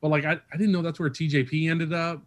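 A man's voice: on the high side, quick pace. Rambling, filler-heavy podcast host, a man. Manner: rambling, many fillers, lively when excited. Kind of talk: casual chat.

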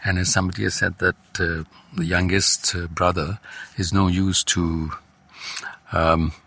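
An older man with an Indian English accent, telling anecdotes as a guest in relaxed conversation and acting out quoted family voices. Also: sits low, unhurried, gravelly, husky. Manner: animated anecdotes, slips into Hindi, acts out quoted family voices. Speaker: guest, voice artist.

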